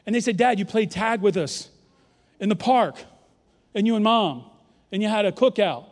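A man in his fifties from New York, a pastor preaching an animated, joking sermon and leading the congregation in call-and-response. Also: sits high, moderate pace. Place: large church auditorium. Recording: long hall reverb from a large church.

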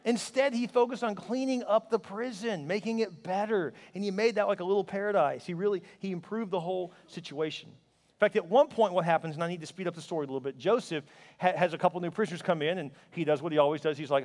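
A man's voice: high-pitched, quick pace, darkish tone. A man preaching a sermon as a pastor, emphatic and exhorting, with playful asides. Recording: long reverb of a large hall.

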